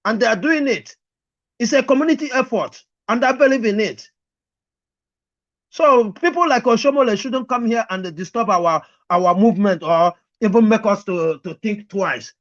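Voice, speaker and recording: Man, online panel speaker, earnest and firm, unusually high pitch, dull lo-fi audio. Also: lively intonation, normal speed. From Anambra State, Nigeria.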